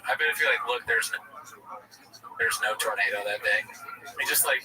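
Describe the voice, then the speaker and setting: A man's voice: fairly low pitch, moderate pace, pauses often, far from the mic, a crowd in the background, poor audio. A man co-hosting a casual comedic chat, laughing and teasing, slipping into mock impressions. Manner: laughing, mocking, slips into impressions. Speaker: podcast co-host.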